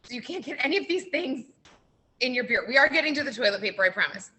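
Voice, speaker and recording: A woman on a radio show tells a story with a high voice that jumps up and down. She sounds bright and sharp. She fills her talk with "like" and acts out what people said. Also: fast, poor audio. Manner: lively storyteller, heavy use of "like". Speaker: brewery guest. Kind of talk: animated anecdote on radio. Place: radio studio.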